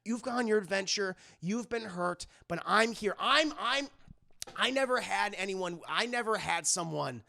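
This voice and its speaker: A man's voice: high voice, animated, measured pace, creaky, pushed and bright, full character voice. A man voicing a friendly young male reindeer who gives rambling, earnest pep talks with swearing. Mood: reassuring.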